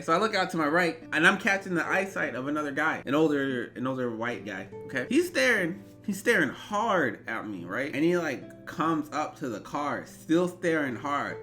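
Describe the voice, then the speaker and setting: A man in his twenties telling an animated, rambling story in a storytime vlog. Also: a little high. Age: 20s. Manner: animated, rambling, bursts into yelps. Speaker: vlogger.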